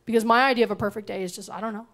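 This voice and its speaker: A woman's voice: fairly high pitch, racing. A young woman doing a bawdy, sarcastic stand-up set into a handheld mic on a comedy club stage. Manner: sarcastic, bawdy, animated storytelling.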